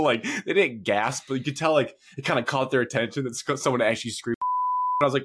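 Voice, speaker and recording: A young man co-hosting a sports podcast, telling an animated story in casual chat, full of fillers. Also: medium pitch, fast, background noise. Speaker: podcast co-host.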